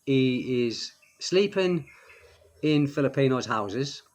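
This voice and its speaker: A man's voice: medium pitch, expressive, takes it slowly, darkish tone. A man with an English accent, a vlogger casually retelling an encounter and repeating phrases for emphasis. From England. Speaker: expat vlogger. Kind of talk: casual storytelling.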